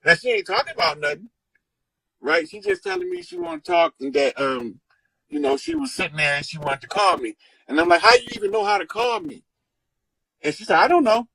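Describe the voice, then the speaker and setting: A man telling stories in a casual chat, animated and profane, acting out the people he quotes. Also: sits high, a little fast, vocal fry, breathy edge, no room sound, rough recording. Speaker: guest storyteller. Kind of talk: casual storytelling.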